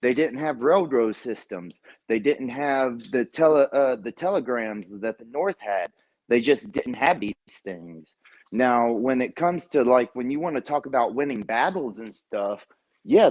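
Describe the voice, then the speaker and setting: A man's voice: medium pitch, animated, a little slow, a little mellow, poor audio. A man calling into a livestream, lecturing at length with many fillers and restarts. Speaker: caller on a livestream. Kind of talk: casual argumentative chat.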